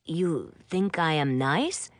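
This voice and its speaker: A woman voicing an earnest young boy prince who asks plaintive questions in a slightly lowered voice. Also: sing-song, measured pace, dry recording.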